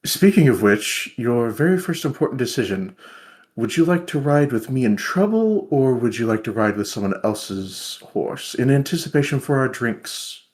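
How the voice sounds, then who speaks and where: A man voicing an armored knight who is playful but sincere, speaking in a gentle, courtly way from a tabletop game. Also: mid-range voice, measured pace, lightly acted. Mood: teasing.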